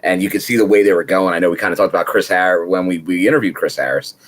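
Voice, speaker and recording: A man's voice: low voice, racing. A man co-hosting a wrestling review podcast, giving thoughtful, rambling analysis. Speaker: podcast co-host. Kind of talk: casual wrestling review chat.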